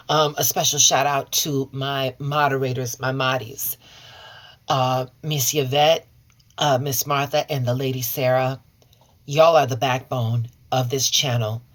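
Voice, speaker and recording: A woman from Chicago hosting a tarot reading channel, talking casually and warmly to her viewers and calling them y'all and honey. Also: extremely low pitch, steady tone, measured pace. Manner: folksy and chatty, calls listeners y'all and honey; warm and sincere toward viewers. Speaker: tarot and oracle reader, channel host. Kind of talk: casual direct-to-camera chat.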